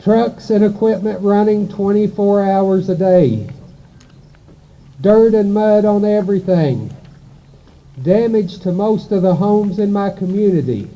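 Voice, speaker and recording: A man's voice: high voice, lo-fi sound. A man giving a prepared speech at a rally, nervous and earnest. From Kentucky. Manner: nervous, reads slowly and earnestly. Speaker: local resident speaking at a rally.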